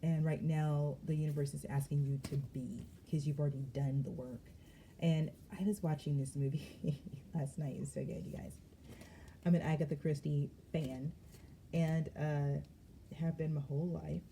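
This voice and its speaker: A woman's voice: sits low, fairly even intonation, moderate pace, gravelly, dark tone, a little hiss or hum. A woman giving a casual tarot reading to her viewers, chatty and often breaking into laughter. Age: adult parent of young children. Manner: chatty, addresses viewers as y'all. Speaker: tarot card reader.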